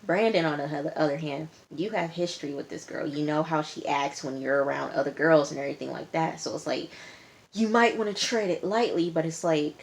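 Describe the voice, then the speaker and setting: A woman with a slightly low voice talks through a TV episode in casual recap style. Her delivery is chatty and slangy, with an exasperated edge. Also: fairly quick, creaky. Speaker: TV show reviewer.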